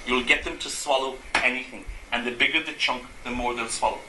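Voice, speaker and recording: Bright-voiced man lecturing in an echoey room. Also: medium pitch, steady tone, fairly quick, slight background noise. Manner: asks the audience rhetorical questions, acts out everyday examples. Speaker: Gestalt therapist giving a talk. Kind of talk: lecture to a live audience. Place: room with an audience. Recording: echoey room, faint ambience.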